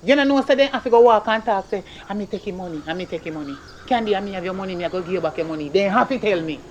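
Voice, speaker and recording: A performer playing a stern, broke Jamaican mother who scolds her son in rapid patois. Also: medium pitch, lively intonation, darkish tone, slight background noise, lightly acted. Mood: scolding. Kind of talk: comedy skit acting.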